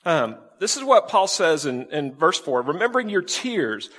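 A man preaching a sermon in a lively, conversational way, asking the congregation rhetorical questions. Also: fairly high pitch, moderate pace, long reverb tail. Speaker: pastor.

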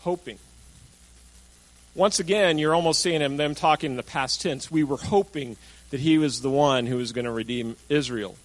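Pastor, male, somewhat high voice, storytelling sermon delivery, acts out quoted lines. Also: moderate pace, low-quality recording.

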